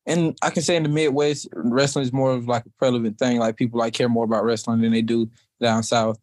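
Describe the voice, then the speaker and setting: A man's voice: mid-range voice, little pitch movement, fairly quick, darkish tone, dry recording. A young man from South Georgia, a college wrestler talking in a laid-back, casual way as an interview guest. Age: young adult. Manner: laid-back, heavy use of "like".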